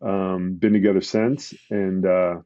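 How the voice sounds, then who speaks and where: A man, a retired police detective, telling his story as a guest in a conversational interview, halting with many fillers and restarts. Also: deep voice, flat delivery, mellow, no room sound, dull audio.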